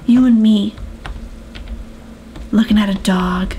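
A woman's voice: medium pitch, takes it slowly, pauses often, dark tone, a little hiss or hum. A woman hosting a let's play of a farming game, playful and chatty, full of gasps and asides. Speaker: gaming video host.

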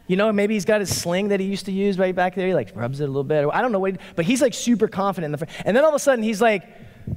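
High-voiced man preaching in a reverberant hall. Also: fast talker. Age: 40s. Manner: animated, playful, acts out quotes. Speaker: pastor. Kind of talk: casual conversational sermon. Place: church sanctuary. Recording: long reverb of a large hall.

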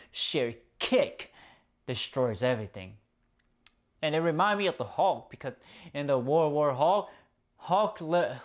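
A man giving a casual, excitable episode review, swearing often and rambling through restarts. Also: mid-range voice. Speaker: video reviewer.

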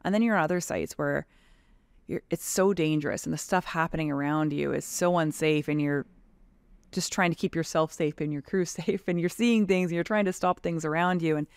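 A woman's voice: low voice, steady tone, brisk, smooth, dry recording. A woman in her thirties from Canada, a tradeswoman talking frankly and animatedly as a podcast guest, with lots of "like" in her speech. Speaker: guest, tradeswoman and advocacy leader. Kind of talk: casual podcast conversation.

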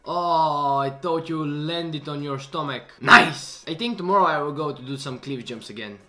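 A man, hosting and commenting on clips in a reaction video, excitable and quick to exclaim and laugh. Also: on the high side, faint music behind. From Bulgaria. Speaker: host.

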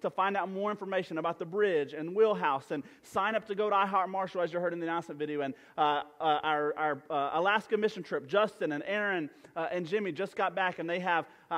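A man's voice: high voice, a bit bright. A man preaching a sermon as pastor in a church sanctuary, talking conversationally with many fillers and restarts. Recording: church hall with long reverb.

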